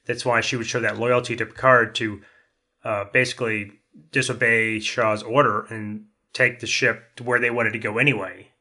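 A man's voice: mid-range voice, flat delivery, moderate pace, sharp tone. A man chatting casually as a podcast panelist, rambling with many restarts. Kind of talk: casual chat.

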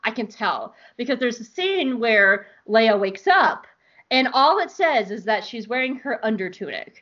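A woman's voice: fairly high pitch, very animated, a little slow, fairly bright tone. A woman host talking casually, ranting in exasperation and swearing freely. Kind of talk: casual chat. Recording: slightly dull lo-fi sound.

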